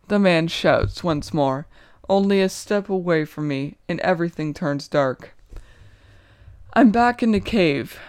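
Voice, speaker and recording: Young woman, low voice, smooth and clean, dry close sound, first-person story reading. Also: dry recording. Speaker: author reading her own short story.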